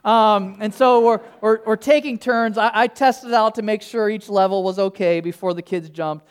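A man's voice: high-pitched, normal speed, clean tone. A male pastor preaching a sermon, telling a personal story in a casual, humorous, conversational way.

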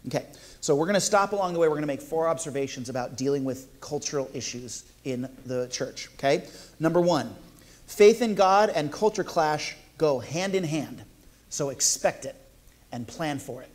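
A male pastor delivers a sermon in a fairly high voice. He is playful and jokey, and he keeps asking the congregation questions. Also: animated, moderate pace.

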